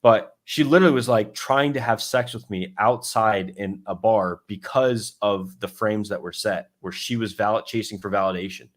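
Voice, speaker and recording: A man's voice: fairly low pitch, normal speed, few pauses. A man talking loosely through his coaching method as a dating coach, with lots of fillers and restarts, acting out his own thoughts as quotes. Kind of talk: casual explanatory talk.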